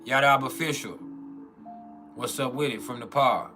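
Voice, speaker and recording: A man's voice: medium pitch, normal speed, pushed and bright, soft background music. A man hosting a casual livestream, rambling, often restarting his sentences and reading out chat comments. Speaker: livestream host.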